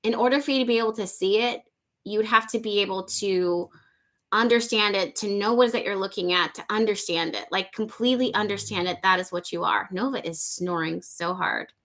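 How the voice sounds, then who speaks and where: Bright-voiced effusive woman hosting a live chat. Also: mid-range voice, fairly quick. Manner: effusive, repeats phrases to savor them, laughs often. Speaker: livestream host. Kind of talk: casual live chat, reading viewer comments aloud.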